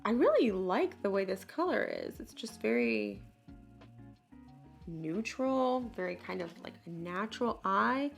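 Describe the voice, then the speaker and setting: A woman's voice: mid-range voice, big pitch swings, a little slow, creaky, faint music behind. A woman in her late twenties chatting casually through a makeup tutorial, bubbly and full of self-deprecating asides. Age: late 20s. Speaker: beauty vlogger.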